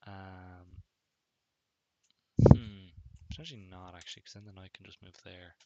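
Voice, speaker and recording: A man casually commentating on his own chess game, thinking aloud in a relaxed, musing way. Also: low-pitched, normal speed, muffled recording, slight background noise. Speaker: chess streamer.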